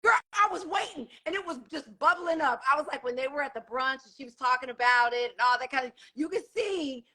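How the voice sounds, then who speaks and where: High bright middle-aged woman on a video call from her hotel room, super animated, swoops all over. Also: fairly quick. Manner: animated, dramatic exclamations. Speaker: co-host. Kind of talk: casual chat.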